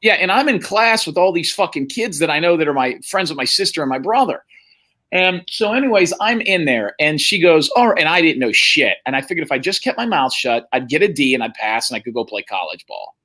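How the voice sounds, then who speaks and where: A middle-aged man, a podcast host, tells a long, profane story in casual chat, acting out other people's lines. His voice is fairly high and bright, with lively intonation, a brisk pace, and a forceful tone.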